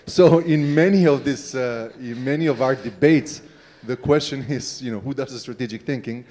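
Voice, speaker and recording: A man, a city mayor on a panel, telling an anecdote in a relaxed way with many fillers. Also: mid-range voice, brisk, hardly any pauses.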